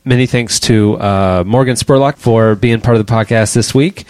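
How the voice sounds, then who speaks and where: A man hosting a podcast, rattling off announcements and banter at a quick clip. His voice sits at an ordinary pitch and sounds close and dry, with no room around it. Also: a little mellow, dry recording. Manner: quick-talking, wraps up with show announcements. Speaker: podcast host. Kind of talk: casual podcast chat.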